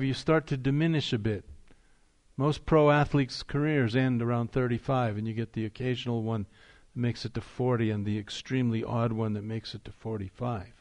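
A man's voice: medium pitch, darkish tone. Man preaching an emphatic sermon. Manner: emphatic preaching, rising on key phrases, slowing for weight. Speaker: pastor.

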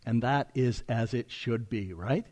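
A man's voice: mid-range voice, a little slow, darkish tone. A man preaching an expository sermon as a pastor, reading scripture aloud with emphasis and explaining it to a congregation.

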